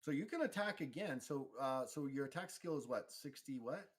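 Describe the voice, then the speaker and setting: A man running a tabletop role-playing game as game master, explaining rolls and narrating the action in a relaxed, halting way. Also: medium pitch. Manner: relaxed, halting, with frequent fillers and restarts.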